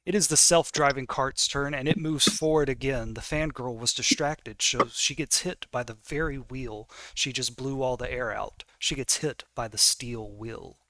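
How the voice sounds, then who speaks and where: A man's voice: medium pitch, normal speed, few pauses, pushed and bright, no room sound. A man narrating a tabletop game as game master, casual and full of fillers. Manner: casual, many fillers while reading rules.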